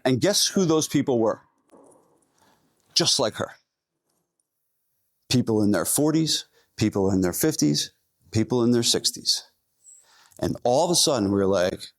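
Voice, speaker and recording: A man giving an energetic conference talk as a gym owner and speaker, talking straight to the audience. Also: fairly low pitch, moderate pace, no echo. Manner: energetic, addresses the audience directly. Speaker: gym owner presenting at a fitness event. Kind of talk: live conference presentation. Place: event hall stage.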